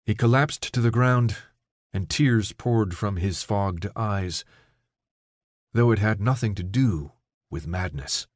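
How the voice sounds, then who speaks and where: A man reading an audiobook in a steady, measured storytelling voice, recorded on a close studio mic. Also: fairly low pitch, no echo. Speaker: audiobook narrator. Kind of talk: scripted audiobook narration.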